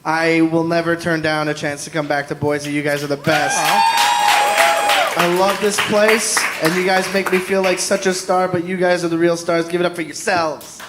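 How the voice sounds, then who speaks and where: A man's voice: fairly high pitch, fairly even intonation, normal speed, over a noisy crowd, very noisy. A man chatting as a guest comedian at a live podcast taping, rambling and self-deprecating, laughing often. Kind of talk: casual live podcast chat. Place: live show before an audience.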